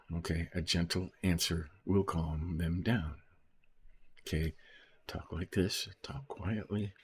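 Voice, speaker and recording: Slightly rough and low-voiced, this man works through Bible verses in a relaxed teaching style, reading them out and unpacking them. He keeps asking "right?" and "okay?" as he goes, in the manner of an informal Bible study.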